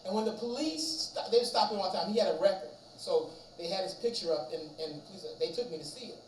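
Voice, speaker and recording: A man preaching at a chapel service, telling a long story with animated delivery and acting out the voices of the people in it. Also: high-pitched, brisk, slight background noise. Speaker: chapel speaker. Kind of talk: storytelling sermon. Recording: roomy echo from distance, faint ambience.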